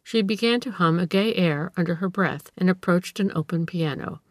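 A woman narrating a classic tale in a steady, measured way. Her voice sits on the low side and sounds dry and close to the mic, with no room around it. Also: no echo. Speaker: audiobook reader. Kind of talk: scripted narration of a classic story.

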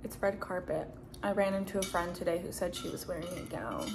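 A woman's voice: lowish voice, expressive, a little fast, creaky, background noise. A woman from Colorado with a Mountain West accent, chatting casually and playfully in a home vlog, giggling as she tries out words. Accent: American Mountain West. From Colorado, USA. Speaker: vlogger. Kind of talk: casual couple vlog chat.

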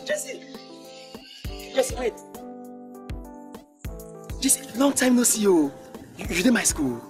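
A pushy nightclub flirt. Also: male voice, very high-pitched, slow pace, music in the background, heavily acted. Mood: coaxing. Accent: Nigerian Pidgin. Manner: coaxing, lively, speaks Pidgin. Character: pushy male nightclub regular chasing an old flame. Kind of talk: Nollywood film acting.

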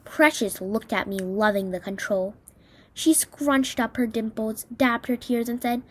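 A woman giving a dramatic reading of a novel, expressive and changing her tone for each character's lines. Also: on the high side, a little slow, slightly rough. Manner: expressive, voices dialogue with shifts in tone. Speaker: reader.

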